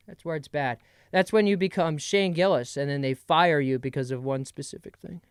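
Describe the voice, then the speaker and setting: A man's voice: mid-range voice, animated, brisk, smooth, no room sound, studio quality. Playful rambling young man hosting. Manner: rambling, playful, jumps between bits. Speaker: podcast host. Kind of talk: casual comedic monologue.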